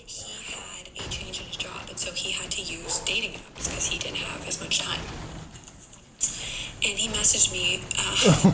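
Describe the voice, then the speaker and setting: On a live stream from a room at home, a woman dating coach chats away at a fairly quick clip in a medium-pitched voice, acting out dialogue in her anecdotes. Loud music plays behind her, and the room is echoey and noisy.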